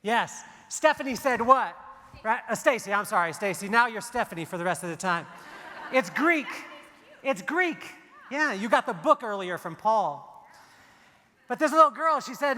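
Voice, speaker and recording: A man's voice: high-pitched, lively intonation, normal speed, bright, forceful tone. A man giving a motivational keynote speech on stage, telling stories and joking with the audience. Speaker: keynote speaker. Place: large hall on stage. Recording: long hall reverb.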